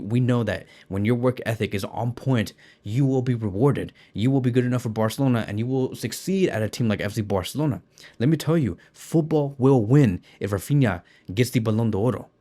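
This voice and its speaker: A man's voice: mid-range voice, mellow. A man giving a passionate football opinion monologue, emphatic and repetitive, talking close to the mic. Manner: impassioned, emphatic, repeats words. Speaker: football commentator.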